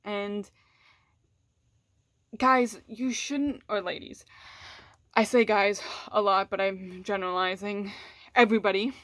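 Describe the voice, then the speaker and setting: A woman's voice: medium pitch, fairly even intonation, slow, pauses often, fairly bright tone, no room sound, clean studio sound. A woman vlogger in a candid, casual chat with her audience. She is frank and swears freely, restarts her sentences often and laughs between words.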